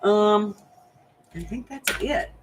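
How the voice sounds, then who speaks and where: A woman's voice: medium pitch, takes it slowly, background noise. An older woman from the United States hosting a crafting channel, chatting casually and rambling to her viewers while she thinks aloud.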